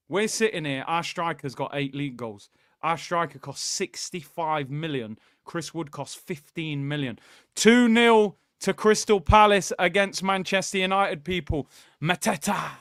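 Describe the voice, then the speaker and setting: A man's voice: sits high, clean tone, dry recording, studio quality. Joking man ranting about football. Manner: joking, animated rant, keeps addressing viewers as "people". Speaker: host of a football watchalong. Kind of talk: casual fan commentary to a live chat.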